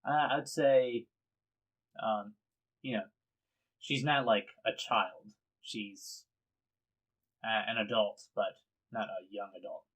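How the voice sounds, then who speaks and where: A man's voice: fairly low pitch, fairly even intonation, slow, pauses often, fairly bright tone, husky, low-quality recording. A man acting as dungeon master, describing scenes unhurriedly and hesitating when improvising. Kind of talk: narrating a tabletop game.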